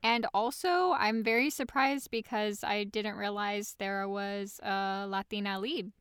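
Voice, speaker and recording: Socal woman cohost, smooth voice, wry teasing chat. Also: medium pitch, measured pace, fairly bright tone, dry recording, studio quality. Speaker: podcast co-host. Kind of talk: casual chat.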